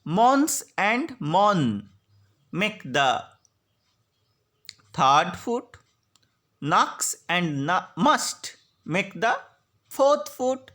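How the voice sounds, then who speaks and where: A woman giving a slide lecture on poetry, slowly spelling out syllables and stresses. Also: fairly low pitch, a bit bright. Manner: slow, deliberate, spelling out syllables. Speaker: literature lecturer.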